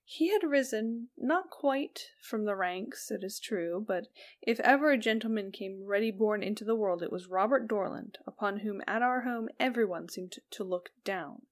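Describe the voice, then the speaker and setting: A woman reading a Victorian ghost story aloud as an audiobook narrator, slow and even, dropping softly on the speech tags. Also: medium pitch.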